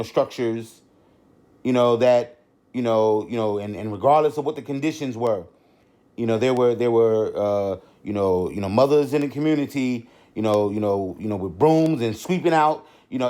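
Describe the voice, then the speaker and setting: A middle-aged man hosts a podcast, talking off the cuff with a mellow, darker tone. He rambles through restarts and leans on "you know" again and again, at a mid pitch. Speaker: podcast host. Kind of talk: unscripted podcast monologue.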